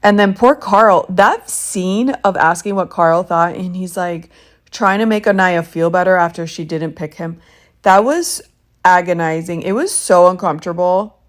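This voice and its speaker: A woman's voice: lowish voice, a little slow. A woman hosting a podcast, giving a blunt, opinionated and exasperated casual recap of a reality TV show. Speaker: podcast host.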